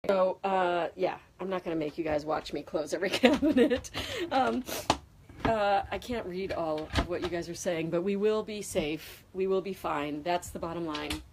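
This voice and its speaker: A woman's voice: on the low side, normal speed, noisy background. A woman chatting casually as she films a walkthrough of the boat she lives on, talking emotionally and rambling with many fillers into a handheld phone. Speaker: vlogger showing her home. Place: indoors on a moored boat.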